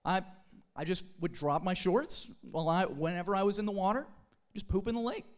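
A young adult telling a funny story to a church group, in a chatty, animated way with casual fillers. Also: mid-range voice, fairly quick. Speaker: speaker at a church youth gathering. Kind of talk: humorous storytelling talk to a group.

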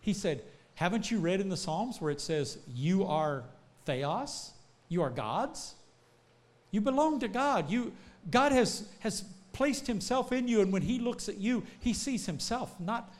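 A man preaching a sermon, telling folksy stories and building to shouts. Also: high-pitched. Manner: animated, rising to shouts, folksy storytelling.

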